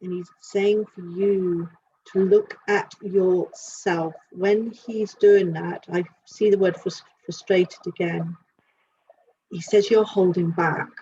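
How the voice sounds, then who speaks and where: A woman working as an animal communicator, giving a live reading and thinking aloud in halting, searching phrases. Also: on the low side, fairly even intonation, dark tone. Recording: dull lo-fi sound with faint hiss.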